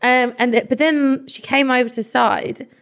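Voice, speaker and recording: A woman, a talent manager, telling a story as a podcast guest in a chatty, animated way with plenty of swearing. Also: high voice, moderate pace. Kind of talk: casual chat, storytelling.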